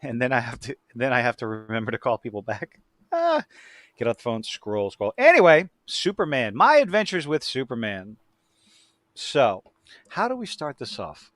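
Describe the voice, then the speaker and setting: A man's voice: mid-range voice, very animated, normal speed, a bit bright, no room sound. A man hosting a casual podcast chat, talking loosely and profanely, with many restarts and tangents. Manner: profane, rambling with frequent restarts. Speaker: podcast host; work supervisor who takes many calls.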